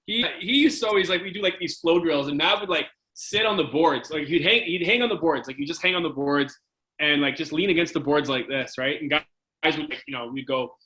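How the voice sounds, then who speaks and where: Man in his forties, bright-voiced. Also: fairly high pitch, fairly quick, rough recording. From Canada. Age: 40s. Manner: rambling, many fillers and restarts, laughing. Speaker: guest, former hockey player. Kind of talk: casual storytelling.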